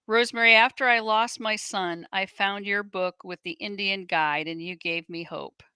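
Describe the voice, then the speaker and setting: A woman co-hosting, reading viewer comments and questions aloud in a steady way with the odd dry aside. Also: medium pitch, normal speed, clean tone, no echo.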